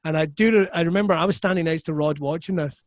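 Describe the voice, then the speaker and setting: A Scottish man, a comedian guest, telling stories in a profane, animated way on a podcast. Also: fairly high pitch, fast talker, no echo. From Scotland. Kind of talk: casual storytelling chat.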